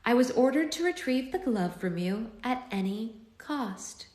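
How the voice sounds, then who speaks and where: Woman reading a quietly threatening villainess, calm and cold, in a roomy room. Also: fairly high pitch, unhurried, pitched above the performer's own voice. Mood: cold menacing. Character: cold menacing female time-traveling villainess. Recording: roomy echo.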